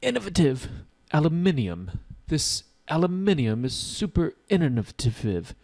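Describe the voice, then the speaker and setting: A man's voice: fairly high pitch, sing-song, unhurried, darkish tone, pitched above the performer's own voice. A man putting on an exaggerated, playful imitation of a posh British accent.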